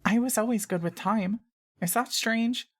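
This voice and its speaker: A woman's voice: a little high, unhurried, voice pushed up. A woman voicing a small girl who answers in a plain, matter-of-fact way. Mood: unsure.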